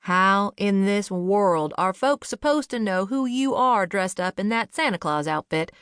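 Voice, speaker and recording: A woman's voice: mid-range voice, animated, unhurried, a bit bright, smooth, no echo, studio quality. Theatrical, exasperated man, read by a woman. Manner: theatrical, indignant. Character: dramatic exasperated man, former TV star.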